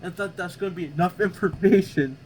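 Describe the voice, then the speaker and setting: A man's voice: high voice, brisk, a little mellow, slight background noise, poor audio. A man hosting a reaction video, talking back sarcastically at what he reads and tripping over words. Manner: stumbles and restarts over words. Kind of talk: casual reaction commentary.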